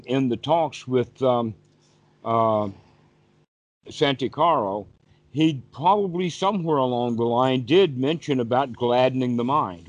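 A male meditation teacher giving a patient, repetitive teaching talk over a video call. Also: medium pitch. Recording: dull, dry lo-fi call audio.

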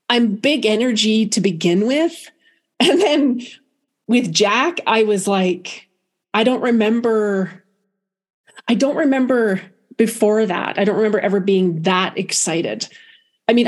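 A middle-aged woman, a guest on a podcast, telling a personal story in an animated, expressive way with many restarts. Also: medium pitch.

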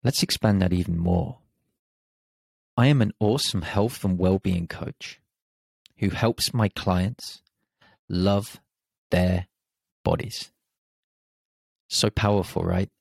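A man's voice: low-pitched, measured pace, gravelly, breathy edge, no room sound. A man hosting a motivational podcast, talking in an emphatic, encouraging way and swearing casually. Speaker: confidence podcast host and coach.

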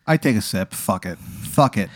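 Co-host, man, dry deadpan reactions with swearing, close dry mic. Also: lowish voice, normal speed, dry recording. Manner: deadpan, cursing, flat replies. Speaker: comedy podcast co-host. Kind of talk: improvised comedic reactions.

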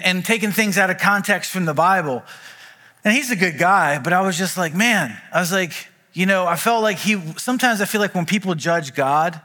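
Guy preaching a sermon, high bright voice, chatty stories and jokes, long reverb from a big church hall. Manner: conversational storytelling with quick asides. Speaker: pastor. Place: church auditorium.

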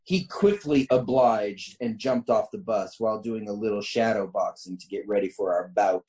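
A man's voice: fairly low pitch, moderate pace, warm tone. A man hosting a casual talk show, reading a funny story aloud and often breaking into laughter. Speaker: host reading a listener story.

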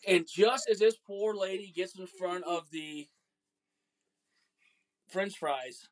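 A man hosting a casual podcast with his son, telling stories in an animated, joking way. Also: high-pitched, takes it slowly. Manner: animated, jokey, acts out voices in stories. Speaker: podcast host, father. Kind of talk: casual storytelling chat.

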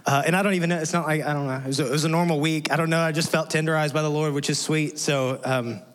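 A man's voice: fairly high pitch, fairly even intonation, quick pace, long reverb tail. A middle-aged man preaching a sermon with a casual, rambling manner, sounding a bit nasal from recent crying. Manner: casual, rambling, self-deprecating with frequent restarts. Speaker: pastor.

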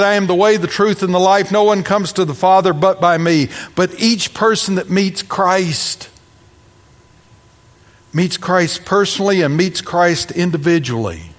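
Brief: male pastor, slightly raised voice, preaching with punchy emphasis and wry jokes, long hall reverb. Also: high voice. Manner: preaching with dramatic emphasis and humorous asides. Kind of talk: sermon.

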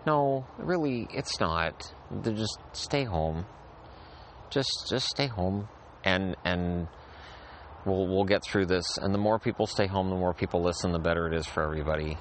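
A man with a lowish voice talks in a loose, rambling monologue, circling back over the same phrases. He sounds like he is outside in a backyard, with faint traffic somewhere in the background. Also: normal speed. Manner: rambling, repeats phrases, restarts sentences. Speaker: podcast host. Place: outdoors in a backyard.

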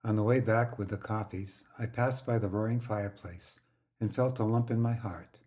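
An older man hosting a podcast, telling a personal story in the first person, quietly and gently. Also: fairly low pitch, fairly even intonation, normal speed. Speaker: podcast host.

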